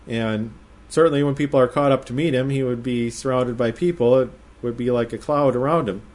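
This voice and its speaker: A man giving verse-by-verse Bible teaching in a measured, explanatory way, slowing down to stress quoted phrases. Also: mid-range voice, darkish tone.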